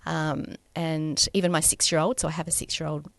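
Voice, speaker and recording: Woman, 40s, interview guest; low-pitched, emotional halting storytelling, dry sound. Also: flat delivery, creaky, no echo. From Australia. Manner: emotional, halting, many fillers and restarts. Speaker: podcast guest. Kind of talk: personal storytelling in a podcast interview.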